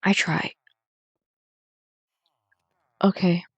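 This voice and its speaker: A woman streaming a game live, chatting casually with her chat and teasing them in a dry, deadpan way. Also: moderate pace, dry recording.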